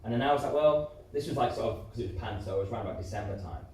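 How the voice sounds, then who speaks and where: A man's voice: mid-range voice, racing, a little mellow. A man in his thirties, a musical theatre performer interviewed live on stage, talking candidly with many fillers and restarts. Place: community centre hall before an audience. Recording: echoey hall, distant mic, faint noise.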